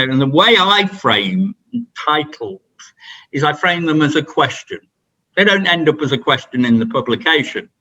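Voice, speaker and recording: A presenter at a staff training session gives an unscripted talk to colleagues in a slightly high, sharp voice, rambling with many restarts and fillers. The audio is poor.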